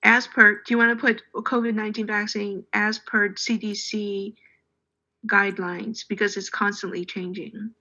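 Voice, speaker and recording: Bright-voiced woman in a board meeting. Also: mid-range voice, level tone, lo-fi sound. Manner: halting, restarts when drafting wording. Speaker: board of health member. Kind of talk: meeting discussion.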